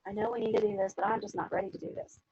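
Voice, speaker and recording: A woman's voice: medium pitch, little pitch movement, very fast, darkish tone, husky, no echo, lightly acted. Woman voicing uneasy Macbeth. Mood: hesitant. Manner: casual modern-speech retelling of quotes. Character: troubled hesitant nobleman, Macbeth. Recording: dull lo-fi dry recording.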